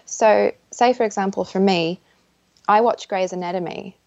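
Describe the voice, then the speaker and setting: A woman's voice: medium pitch, gravelly, a little mellow, no echo. Earnest woman guest, dull lo-fi sound. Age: adult. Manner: earnest, halting, with frequent restarts. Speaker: podcast guest. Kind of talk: personal storytelling in an interview.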